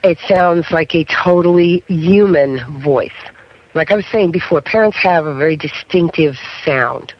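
The muffled, dull lo-fi radio broadcast carries a middle-aged man, a paranormal investigator, being interviewed on a talk show. He tells stories unhurriedly in a fairly high voice, often checking in with "okay?", with slight background noise behind him.

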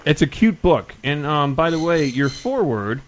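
A man's voice: a little high, sing-song, normal speed. A man hosting a radio interview, chatting in a friendly, conversational way. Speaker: radio show host. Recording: lo-fi radio studio sound.

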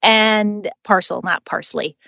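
A woman's voice: medium pitch, takes it slowly, creaky, sharp tone, no echo. A woman who writes novels and trains dogs, answering interview questions in an enthusiastic, chatty way. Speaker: author and dog trainer. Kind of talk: interview guest.

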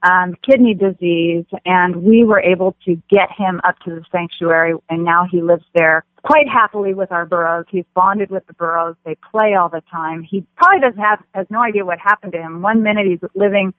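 A woman's voice: lowish voice, moderate pace, hardly any pauses, dry recording. A woman guest, a festival director, speaking earnestly and with passion about animal rescue in an interview. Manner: earnest, impassioned advocate. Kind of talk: interview over the phone. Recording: tinny phone line.

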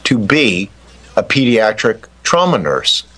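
A man's voice: fairly low pitch, big pitch swings, slow, fairly bright tone. A man co-hosting a radio talk show, wordy and reflective, often restarting phrases. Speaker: radio co-host. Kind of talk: casual radio chat.

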